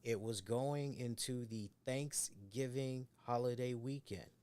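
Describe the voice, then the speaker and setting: A man's voice: medium pitch, slow pace, a little mellow, clear, resonant tone. A man co-hosting a casual podcast chat, rambling and swearing as he acts out the voices of people he quotes. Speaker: co-host.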